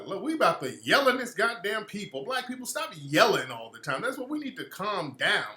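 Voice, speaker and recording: A man hosting a talk radio monologue with a bright, lively voice that swings up and down. He rants loosely, profanely and mockingly. The sound is roomy with a clear echo. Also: high voice. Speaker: radio show host.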